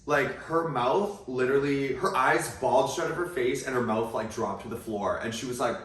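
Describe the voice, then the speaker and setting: A man's voice: medium pitch, unhurried, hardly any pauses, fairly bright tone, far from the mic. A young man telling a personal story in a casual, chatty way full of asides. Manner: chatty, many likes and asides. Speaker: vlogger. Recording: roomy echo, away from mic.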